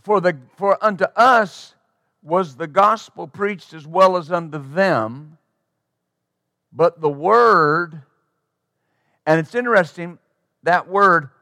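Male pastor, high voice, emphatic sermon, dry close sound. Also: slow, pauses often, sharp tone, no room sound. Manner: emphatic preaching with acted-out quotes.

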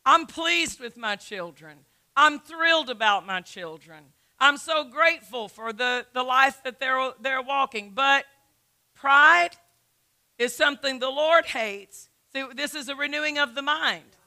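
A middle-aged woman preaches a sermon in a high, very bright voice. She drives her points home with rhetorical questions and often repeats and restarts phrases. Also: a little slow. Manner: emphatic teaching with rhetorical questions. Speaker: pastor.

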